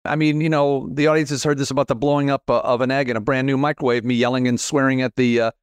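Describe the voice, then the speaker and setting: Middle-aged male host, rambling and self-deprecating, medium pitch, dry close sound. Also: fairly even intonation, quick pace, smooth, no echo. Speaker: podcast host. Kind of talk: casual conversational interview.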